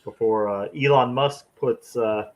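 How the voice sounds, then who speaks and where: A man's voice: fairly low pitch, a little slow, noisy background. A man co-hosting a casual livestream chat, trading wry, agreeable banter. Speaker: co-host.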